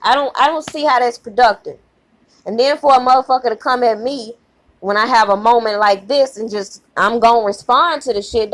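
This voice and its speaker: A fired-up woman rants to her channel audience, swearing freely and hammering her points home. Her voice sits a little on the high side and jumps up sharply when she gets worked up. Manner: heated, profane, emphatic, repeats herself. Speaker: channel host. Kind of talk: angry rant to camera.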